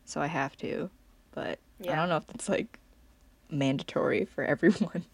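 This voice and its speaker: A young woman with a low voice tells a story in a relaxed, chatty way. She is giggly and animated and fills her sentences with "like". The sound is close and dry. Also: moderate pace, breathy edge, dry recording. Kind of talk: casual chat.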